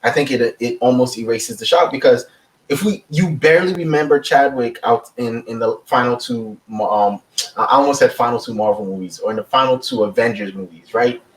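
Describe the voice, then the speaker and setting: A man from Nigeria in casual podcast banter, animated and swearing freely. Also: medium pitch, fairly quick, far from the mic, poor audio. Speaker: podcast co-host.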